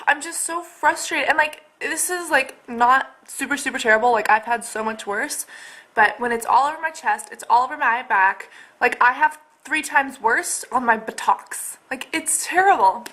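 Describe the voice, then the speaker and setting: A woman's voice: fairly high pitch, pushed and bright. A young woman in a casual video update at home, talking to her camera in a rambling, exasperated way full of fillers. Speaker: vlogger. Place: at home, indoors.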